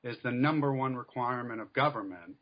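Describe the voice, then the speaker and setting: A male author answering interview questions in a measured, explanatory way with frequent fillers. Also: mid-range voice, lo-fi sound. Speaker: author guest.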